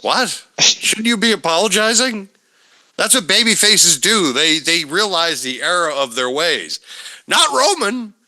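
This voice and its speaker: A man's voice: sits high, big pitch swings, unhurried, pushed and bright. A man co-hosting a casual podcast, ranting in exasperation and swearing freely. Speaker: podcast co-host. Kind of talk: casual wrestling chat.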